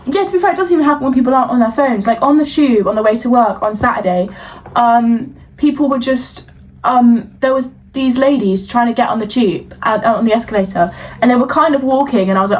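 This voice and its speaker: Woman, high voice, heated sweary rant, a bit far from the mic, faint hiss. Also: a little fast. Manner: heated, sweary ranting that breaks into laughter. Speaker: podcast co-host. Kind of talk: comedic ranting chat. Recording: voice set back from the mic, faint background hiss.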